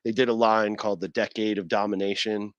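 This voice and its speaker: A man with a lowish voice talks on a podcast, telling wrestling stories in a loose, rambling and enthusiastic way. He leans on fillers like "you know" and "like". The sound is dry and close to the mic. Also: little pitch movement, a little fast, no echo, highs cut off. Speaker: podcast host. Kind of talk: casual wrestling chat.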